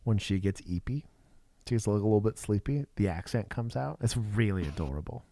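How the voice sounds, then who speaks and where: A man with a low voice and a Texas accent chats on a casual livestream, breaking down police footage. His delivery is laid-back, with laughter, and his sentences trail off quietly, while his pitch moves a lot. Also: lively intonation, brisk. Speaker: co-host, former police officer.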